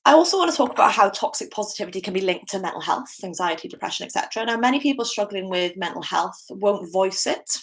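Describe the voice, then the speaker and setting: A woman's voice: medium pitch, expressive, quick pace, few pauses. A young British woman giving a candid, chatty solo podcast talk, with frequent fillers and restarts. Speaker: podcast host.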